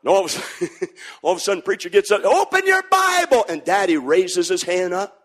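A man preaching a sermon, shouting in sing-song bursts and then dropping to a hush. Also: sits high, fairly even intonation, fairly quick.

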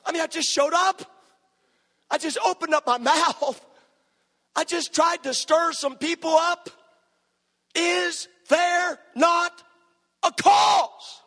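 A man acting out a young shepherd boy, shouting in high, exasperated indignation. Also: takes it slowly, long pauses, big-room sound, exaggerated voice. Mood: indignant.

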